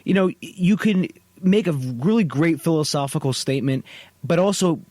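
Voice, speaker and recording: Male interviewer, rapid and rambling, slightly high voice, dry room. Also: darkish tone, no echo. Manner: rambling, many fillers and restarts. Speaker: podcast host. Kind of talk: casual interview questions.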